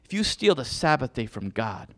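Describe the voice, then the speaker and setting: A man's voice: mid-range voice, very animated, normal speed. A middle-aged man preaching a passionate sermon, full of restarts and repetitions. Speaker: pastor.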